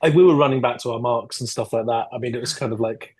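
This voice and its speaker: A man chats as a podcast guest over a video call, thinking aloud with hesitant restarts and the odd throat clear. His voice sits at a middle pitch for a man. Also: fast, darkish tone. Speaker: guest filmmaker and actor. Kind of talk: casual interview chat.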